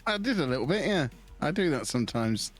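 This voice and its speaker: A man chatting with friends during a live stream, speaking in a dry, matter-of-fact way. His pitch still moves around a lot. Faint music plays underneath. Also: big pitch swings, a little fast, breathy edge. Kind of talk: casual group chat on a live stream.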